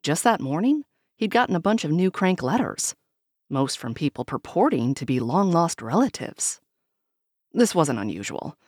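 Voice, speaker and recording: A woman narrating a novel aloud in a measured, expressive reading. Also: deep voice, breathy edge, no room sound, clean studio sound. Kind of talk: audiobook narration.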